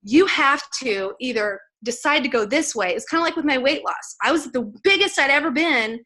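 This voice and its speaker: Bright-voiced woman giving a fired-up testimony. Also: high voice, lively intonation, normal speed. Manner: emotional, earnest, building to fired-up preaching; chatty, many "like"s and "you guys". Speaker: speaker at a sales team event. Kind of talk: motivational faith testimony speech.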